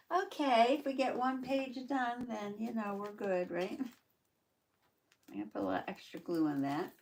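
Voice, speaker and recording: A woman's voice: on the high side, unhurried, pauses often, mellow, a little hiss or hum. Chatty woman crafting live. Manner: chatty, laughs often, talks to viewers by name. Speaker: journaling channel host. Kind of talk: casual live crafting chat.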